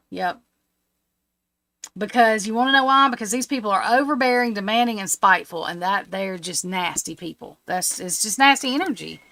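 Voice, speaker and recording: Chatty woman, bright voice. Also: on the high side, no echo. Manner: chatty, rambling, laughs at her own remarks. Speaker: tarot reader streaming live readings. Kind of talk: casual live-stream reading. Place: home. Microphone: streaming setup.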